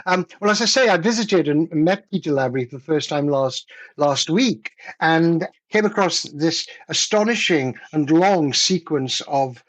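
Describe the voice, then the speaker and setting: A man in his seventies, a poet guest in an interview, talking in a measured, reflective way and reading his poems deliberately. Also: a little high, expressive. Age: 70s. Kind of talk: conversational interview and poetry reading.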